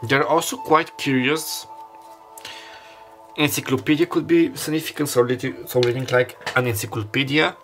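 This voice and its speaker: A man's voice: mid-range voice, fairly even intonation, normal speed, fairly bright tone, soft background music. A man who does not speak English as his first language, giving a rambling, hesitant tarot reading and often searching aloud for words. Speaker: tarot reader. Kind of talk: casual tarot reading monologue.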